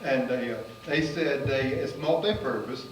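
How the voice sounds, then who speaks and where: A man from the United States, a magician and comedian, casually telling a travel story in a rambling way full of fillers, getting animated at the exciting parts. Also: mid-range voice, measured pace. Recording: roomy and distant with faint noise.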